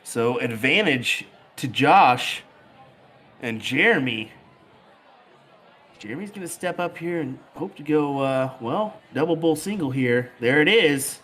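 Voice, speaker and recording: Brief: male darts commentator, easygoing banter, mid-pitched voice. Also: takes it slowly. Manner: relaxed, chatty, laughs easily. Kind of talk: live sports commentary.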